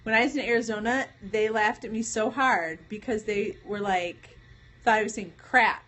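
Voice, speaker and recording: A woman with a Michigan accent hosts a casual live stream, telling a rambling, chatty story with frequent laughs. Her voice is medium-pitched, slightly bright, at a moderate pace.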